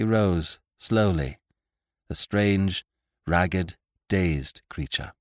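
A deep-voiced man reads a classic tale at an unhurried pace. His delivery is measured and expressive, with a lively rise and fall. The recording is close and dry, with no room sound. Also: no room sound. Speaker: audiobook narrator and podcast host. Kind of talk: scripted narration.

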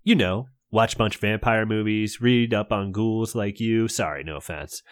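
A man voicing a cautious boy sidekick in a read-aloud gamebook, low and measured. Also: fairly even intonation, natural voice. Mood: explaining.

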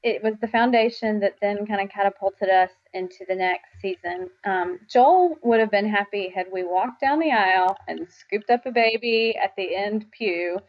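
Earnest woman, slightly muffled. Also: medium pitch. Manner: earnest, reflective, quick to laugh. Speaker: guest. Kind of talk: faith podcast conversation. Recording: slightly dull lo-fi sound.

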